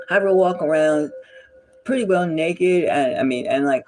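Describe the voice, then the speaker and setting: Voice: medium pitch, a little slow, a little mellow. A psychic tarot reader giving a casual gossipy reading, indignant and repetitive, sometimes dropping to a whisper.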